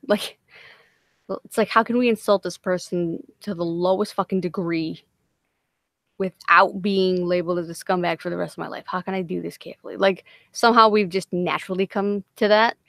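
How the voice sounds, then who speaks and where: A woman's voice: fairly low pitch, moderate pace, creaky, fairly bright tone, no room sound, studio quality. A woman hosting a casual livestream chat, bantering and swearing freely. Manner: profane, laughing banter. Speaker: livestream host.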